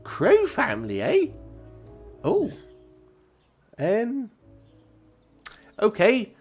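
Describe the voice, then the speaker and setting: A man's voice: very high voice, wildly swooping pitch, drawn-out words, slightly rough, soft background music, pitched above the performer's own voice, full character voice. A man putting on a chirpy young woman clerk. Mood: curious. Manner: chirpy, eager and chatty. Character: cheerful young woman records clerk, twenty-one. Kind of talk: tabletop game character voice.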